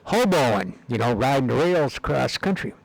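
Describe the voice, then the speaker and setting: A man's voice: mid-range voice, very animated, moderate pace, no room sound, rough recording. A man talking in a rambling, casual monologue, meandering and repeating words with many fillers. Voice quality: gravelly. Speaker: video blogger.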